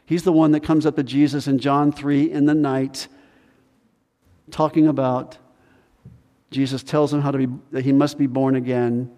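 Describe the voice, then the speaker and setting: A man preaching a sermon as pastor, animated, acting out the voices of people in the story. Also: medium pitch, normal speed, pauses often, long reverb tail. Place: church sanctuary.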